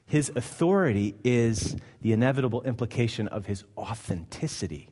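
A man's voice: medium pitch, expressive, moderate pace, dark tone, breathy edge. A male pastor delivering a sermon, emphatic and conversational, firing off rhetorical questions. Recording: long hall reverb.

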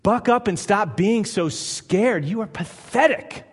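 A man's voice: high-pitched, a little slow, breathy edge, long reverb tail, voice pushed up. A man putting on a sneering, harsh scolding taskmaster. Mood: scornful. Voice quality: sneering, belittling. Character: harsh scolding male taskmaster, contemptuous, impatient.

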